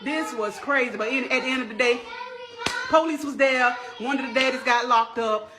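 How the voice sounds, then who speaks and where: A woman's voice: high voice, normal speed. Woman animatedly retelling a school story. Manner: animated retelling, acting out quoted voices. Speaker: school front office worker telling a story. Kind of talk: casual storytelling to camera. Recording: noisy background.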